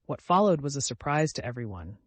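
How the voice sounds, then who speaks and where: A man narrating a classic novel as an audiobook, in a measured storytelling manner. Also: medium pitch, big pitch swings, no echo.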